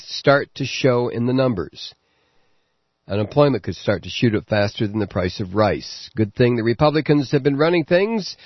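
A man hosting a political talk radio show, delivering a sarcastic commentary monologue with frequent halting fillers. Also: mid-range voice, dry recording, muffled recording.

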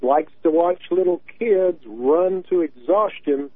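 A fairly high-pitched man from Tennessee, in his early sixties, speaks at a slow pace as a caller on a radio show. He makes his point earnestly, with frequent repeated words. The phone audio is tinny and dry, without echo.

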